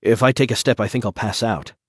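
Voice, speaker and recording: A man's voice: medium pitch, a little fast, husky, dry recording, close to an everyday voice. A man voicing an injured husband who sounds strained, panicky and close to fainting.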